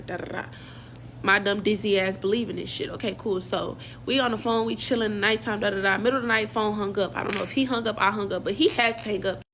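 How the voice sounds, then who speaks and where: A woman's voice: mid-range voice, fairly bright tone, slight background noise. A young woman casually telling a personal story in slang, acting out quoted dialogue as she goes. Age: young adult.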